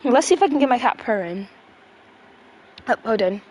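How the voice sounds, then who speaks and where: A woman's voice: a little high, lively intonation, moderate pace, a little mellow. A woman chatting casually on a livestream, blunt and profane, rambling with fillers.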